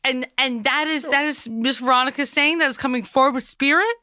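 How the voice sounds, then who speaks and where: A woman's voice: sits high, a little fast, pushed and bright, clean tone, no echo, studio quality. A woman impersonating a chatty middle-aged psychic medium with a Long Island accent, rambling with many fillers in a comedy sketch. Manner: rambling, full of fillers and restarts.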